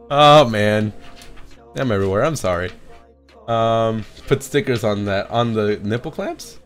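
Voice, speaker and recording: Young guy streaming at his desk, all over the place, cussing and laughing, bit of music playing quietly behind. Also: medium pitch, measured pace. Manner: excitable and rambling, swears a lot, laughs often, jumps between tangents. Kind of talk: rambling casual live stream chat. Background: faint music playing.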